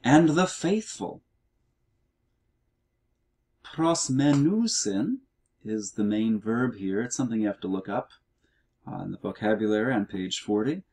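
A middle-aged man explaining grammar in a recorded language lesson walkthrough, reading words out slowly and methodically. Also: fairly low pitch, warm tone. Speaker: Greek teacher.

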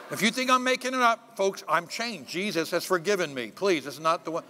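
An older man, a pastor, preaching a sermon in a church sanctuary and telling personal stories, swinging between loud preaching and hushed asides. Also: sits high, expressive, fairly quick, hardly any pauses.

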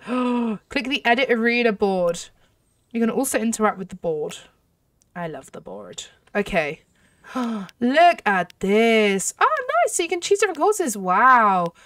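A woman hosting a gaming channel, giving excitable let's-play commentary full of gasps and exclamations. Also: a little high, no echo, recorded from a distance. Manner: excitable, gushing, lots of exclamations.

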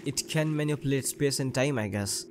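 A young man commentating his gameplay in a joking, excitable way, swearing often. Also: mid-range voice, moderate pace, noisy background. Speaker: gaming channel host.

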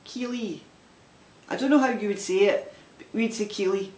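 This knitting podcast host speaks in a high, darkish voice at a fairly quick clip, his broad Glaswegian Scottish accent unmistakable. The casual vlog finds him rambling and restarting lines, with a roomy echo.

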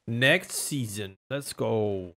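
A man giving casual gameplay commentary as a gaming YouTuber, talking to himself and jumping from loud outbursts to mumbling. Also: fairly low pitch, drawn-out words.

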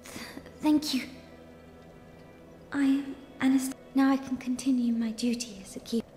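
An actress playing a meek young female fire keeper in a video game, speaking in a hushed, halting whisper. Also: sits high, fairly even intonation, lightly acted. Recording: game audio with faint music.

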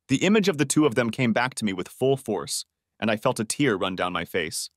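A man's voice: on the low side, brisk, no echo, clean studio sound. A man narrating a first-person audiobook story in a dramatic, emotive reading.

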